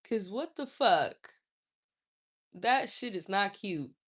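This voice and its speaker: Woman live-streamer, unhurried delivery, mid pitch, blunt and foul-mouthed, reads and answers chat comments. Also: lively intonation, bright, forceful tone, breathy edge. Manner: blunt, profane, scolding.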